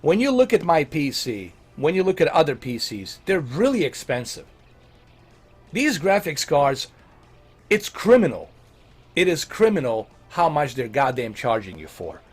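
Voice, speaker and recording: A man hosting a casual Q&A on tech and games, talking in a blunt, animated and profane way. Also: fairly high pitch, a little slow, breathy edge, faint music behind. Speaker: host answering viewer questions.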